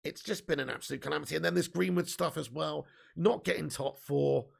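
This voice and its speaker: A man hosting a live football fan stream, chatting to viewers and reading their messages with excitable, sweary banter. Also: a little high, fairly quick. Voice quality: gravelly. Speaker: football fan channel host. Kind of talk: live-stream chat reading super chats.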